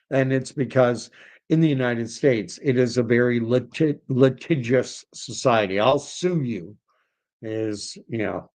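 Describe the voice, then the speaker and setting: A middle-aged man hosting a livestream, telling a long casual story in a rambling way and correcting himself often. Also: mid-range voice. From Canada. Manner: rambling, self-correcting, conversational. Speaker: livestream host.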